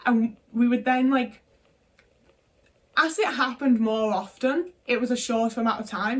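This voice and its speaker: A woman's voice: a little high, a little slow, recorded from a distance. A young woman from the UK telling a personal story in casual talk, frank and full of swearing and filler words. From United Kingdom. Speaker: vlogger.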